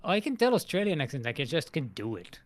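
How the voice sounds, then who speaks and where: An esports caster giving live play-by-play, animated and laughing, with frequent hesitations. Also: mid-range voice, quick pace. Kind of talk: live game commentary.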